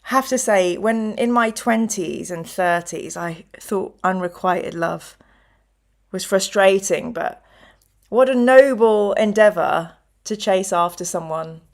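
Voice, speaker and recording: A woman's voice: medium pitch, slow pace. Chatty middle-aged woman host. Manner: chatty storyteller who acts out quoted voices. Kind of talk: casual chat.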